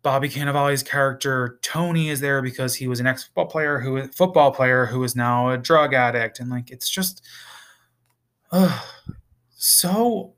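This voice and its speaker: A man's voice: medium pitch, moderate pace, fairly bright tone. Guy ranting casually about a tv show, swears a lot, kinda exasperated and rambly. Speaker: TV reviewer. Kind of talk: casual review vlog.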